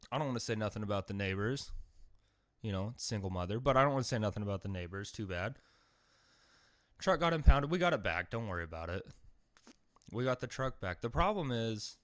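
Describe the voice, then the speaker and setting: A man tells a comic story in a lowish, dry voice. His delivery is deadpan, and then he suddenly bursts out loud. The sound is close and dead, with no room echo. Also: brisk, long pauses. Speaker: podcast host. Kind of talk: comedic monologue.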